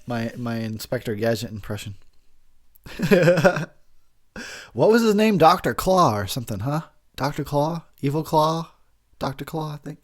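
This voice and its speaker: A man, drunk, giving a rambling, crude commentary over a movie, laughing often as he talks. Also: fairly high pitch.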